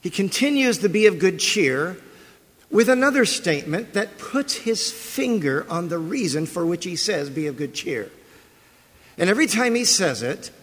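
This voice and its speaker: A man's voice: fairly high pitch, a bit bright, husky. A male pastor preaching a sermon, telling the story with animation and putting questions to the congregation. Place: church sanctuary. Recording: long reverb of a large church hall.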